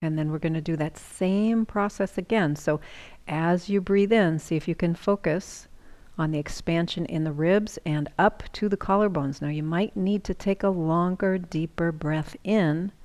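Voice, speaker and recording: Calm woman guiding breathing, lowish voice. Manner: calm, slow, soothing cues with some whispered lines. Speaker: yoga instructor. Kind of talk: guided breathing instruction.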